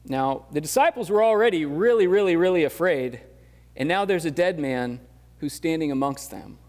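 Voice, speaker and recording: In a church sanctuary, a pastor with a slightly high, darkish voice preaches in an easygoing, conversational way, sprinkling in fillers before building to emphatic questions. He is expressive and speaks at normal speed, his words echoing with the hall's long reverb.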